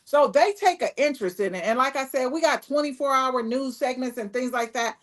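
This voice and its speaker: A woman hosting a live talk show in casual chat, addressing viewers directly and chatting in a lively way. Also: high voice, a little fast. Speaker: show host.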